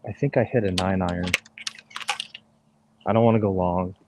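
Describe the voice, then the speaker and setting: Male golfer-host, lowish voice, matter-of-fact shot talk, outdoors. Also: steady tone, moderate pace, dull audio, noisy background. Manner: matter-of-fact, talking himself through shots. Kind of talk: casual livestream chat. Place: outdoors on a golf course.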